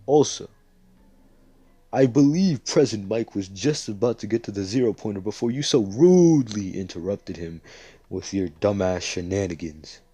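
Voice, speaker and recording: A man's voice: lowish voice, expressive, moderate pace, warm tone, husky, no echo. A man voicing a cold, menacing young male cartel boss who makes blunt, swearing threats.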